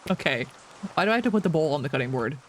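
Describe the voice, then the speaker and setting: Lively high-voiced young male streamer. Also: a little hiss or hum. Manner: animated, chatty, self-mocking. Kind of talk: casual gameplay chat.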